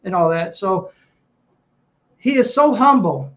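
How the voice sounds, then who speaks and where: This man's voice is high and slow, with the upper frequencies cut off. He's a middle-aged Navy veteran spinning a relaxed interview anecdote with lots of energy, voicing the words of others as he goes.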